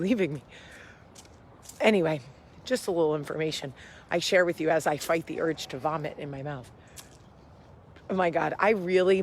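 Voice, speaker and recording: A woman's voice: on the low side, a bit bright. A woman hosting a casual vlog, out of breath as she walks uphill outdoors, rambling and amused at her own jokes, swearing freely. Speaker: host.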